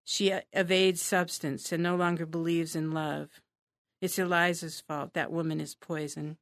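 A woman's voice: on the low side, flat delivery, unhurried, no room sound, studio quality. A woman reading aloud as a passionate, brooding young male poet, dramatic and impassioned.

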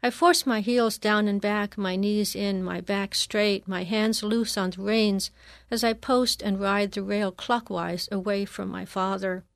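A woman reads a first-person memoir in a measured, reflective voice. Her pitch sits in the middle of the female range, and the recording is dry and close with no room echo. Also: steady tone, gravelly. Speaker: narrator.

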